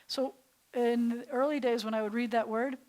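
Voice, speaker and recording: A woman's voice: a little high, steady tone, moderate pace, a little hiss or hum, poor audio. A woman rabbi teaching an adult Hebrew class, lingering on each word and sometimes dropping to a whisper. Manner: warm, playful, savors words, drops to a soft whisper for effect.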